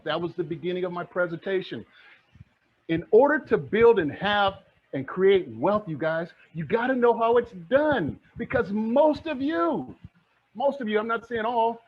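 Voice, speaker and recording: A man's voice: high voice, breathy edge. A middle-aged man giving a fired-up motivational talk as a real estate mentor, preaching and repeating his phrases. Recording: dull lo-fi sound.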